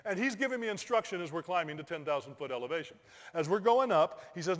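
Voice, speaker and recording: High-voiced man preaching in a reverberant hall. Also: fast. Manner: animated storyteller, bursts into shouted exclamations. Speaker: pastor. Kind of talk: sermon with personal story.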